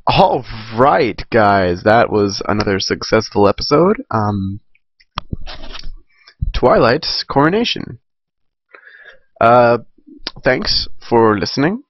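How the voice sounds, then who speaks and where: Lively amateur male story reader. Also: lowish voice, slow pace, long pauses, no room sound, highs cut off. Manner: casual, self-correcting, chatty asides. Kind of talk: amateur fan fiction reading.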